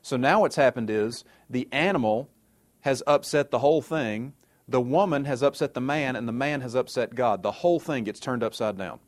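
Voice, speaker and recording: A man's voice: mid-range voice, normal speed. A man teaching a sermon in a conversational way, often checking in with his listeners and adding sarcastic asides. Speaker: Bible teacher.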